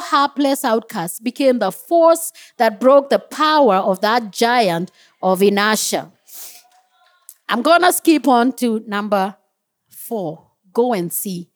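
A woman preacher delivers a sermon in church, her voice high and full of swoops. She is animated, laughs at her own stumbles and lets out joyful whoops. The delivery is lively from start to end. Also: slow pace. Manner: animated, laughs at herself, shouts of joy.

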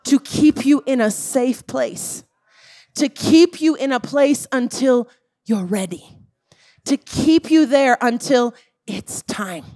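Lady preacher, high pitched, slow deliberate delivery, keeps saying church. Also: mellow. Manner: emphatic, addresses the congregation as church. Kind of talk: sermon.

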